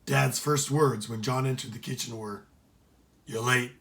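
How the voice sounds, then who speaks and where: A man narrating an adventure story aloud in a steady, expressive way. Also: mid-range voice, normal speed, gravelly.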